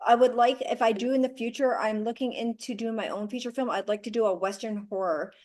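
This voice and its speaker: Woman, forties, actress guest, direct, animated, a little blunt, slightly high voice. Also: brisk. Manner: direct, animated storyteller who acts out quoted dialogue. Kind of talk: casual interview chat.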